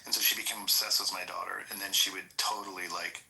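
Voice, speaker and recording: A man's voice: sits low, level tone, fast, vocal fry, sharp tone, a little hiss or hum, rough recording. A middle-aged man telling blunt, profane stories in a casual podcast chat, acting out his mother's lines as he goes.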